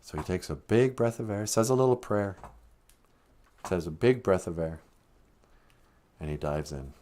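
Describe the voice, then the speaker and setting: A man telling a traditional story in a relaxed, conversational way, with dramatic drops in volume. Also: low-pitched, a little slow. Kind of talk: live-streamed oral storytelling.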